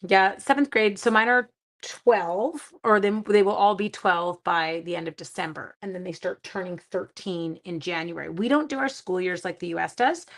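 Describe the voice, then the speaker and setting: A woman's voice: lowish voice, vocal fry. A woman chatting her way through a live-stream card-making demo, self-mocking and talking to herself as she works. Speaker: seventh-grade teacher.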